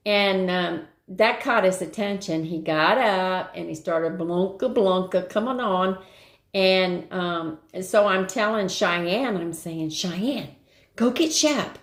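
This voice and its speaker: A woman's voice: lowish voice, takes it slowly. An older woman hosting a live stream, telling a rambling everyday story in casual chat and greeting viewers along the way. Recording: roomy echo.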